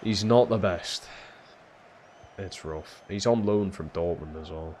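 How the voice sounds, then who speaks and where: A young man commentating live on his own football video game in a lowish voice. He mutters his way through the play, cursing freely, then bursts into loud shouts at goals and blunders. A faint hiss sits under the stream audio. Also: slow. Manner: swears freely and swings from low muttering to shouting at big moments.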